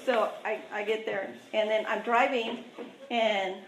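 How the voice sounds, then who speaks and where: A woman's voice: medium pitch, steady tone, measured pace, slight background noise. A woman sharing her own recovery story, candid and self-mocking, chatty with lots of asides. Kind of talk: personal recovery testimony. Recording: echoey room.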